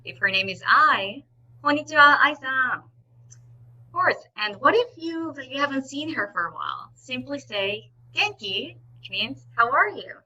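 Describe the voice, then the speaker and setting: A woman with a rather high, very bright voice teaches a live online language class. She drills each word slowly, then repeats it, checking in with an encouraging "okay" as she goes. She speaks through a computer mic on a video session. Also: animated, lo-fi sound. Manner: instructive and encouraging, often says "okay".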